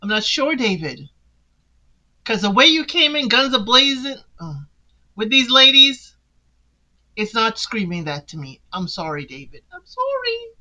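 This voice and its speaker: A woman's voice: a little high, sharp tone. A woman hosting a reality TV recap who talks in a sassy, casual way and speaks straight to the people she discusses. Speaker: recap podcast host.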